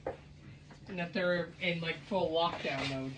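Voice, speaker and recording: A woman's voice: on the low side, measured pace, very noisy. A woman chatting casually on a home livestream, rambling with exasperated asides.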